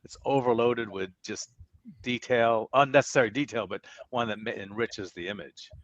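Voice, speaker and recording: A man's voice: mid-range voice, moderate pace, no room sound, lo-fi sound. A man on a video call commenting thoughtfully on the comic art market in a casual discussion. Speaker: panelist.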